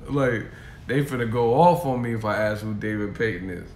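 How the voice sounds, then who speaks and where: A man's voice: lowish voice, moderate pace, darkish tone, slight background noise. A man ranting on a stream in a profane, mocking way from a hotel room. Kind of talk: casual rant. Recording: echoey room.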